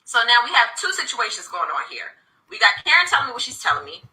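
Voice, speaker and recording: A woman's voice: fairly high pitch, very animated, bright, forceful tone. A woman in her thirties from reality TV, telling her side of a story in a candid interview, emphatic and indignant. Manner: emphatic, indignant, fast-talking. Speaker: reality TV cast member. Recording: roomy echo.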